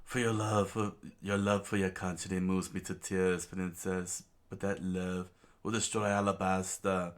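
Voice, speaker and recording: A man's voice: deep voice, level tone, a little slow. A man doing a sneering pirate warlord. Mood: scornful. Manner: sneering, taunting. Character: menacing pirate warlord, scornful and cruel. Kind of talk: comic read aloud.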